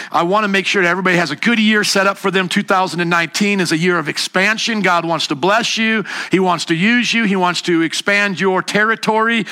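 A man preaching a sermon to a congregation, emphatic and animated, sometimes mimicking scoffers in a high, mocking voice. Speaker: pastor.

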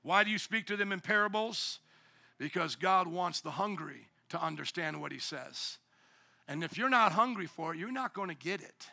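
A male pastor delivering a sermon in a high, piercing, bright tone. He preaches with animation, slipping into acted-out voices and bursting into shouts for emphasis. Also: lively intonation, moderate pace, gravelly.

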